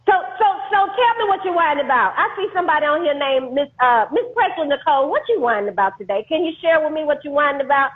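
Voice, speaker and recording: A woman co-hosting a casual live-stream chat, animated and teasing, laughing often, on a video call. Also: high-pitched, quick pace, few pauses. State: going through menopause. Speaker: co-host, life coach. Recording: tinny phone-line sound.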